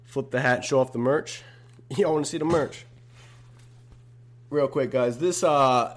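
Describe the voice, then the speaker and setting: A man's voice: mid-range voice, unhurried, long pauses. A young man hosting a casual solo podcast, talking in a laid-back, slangy way. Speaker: podcast host.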